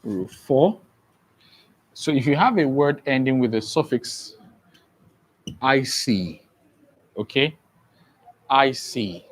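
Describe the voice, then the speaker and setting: Male teacher, slow and methodical, spells words out and checks in with the class. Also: mid-range voice, expressive, rough recording. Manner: slow and deliberate, spells words letter by letter and often checks understanding. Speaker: English teacher. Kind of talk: exam-prep grammar lesson.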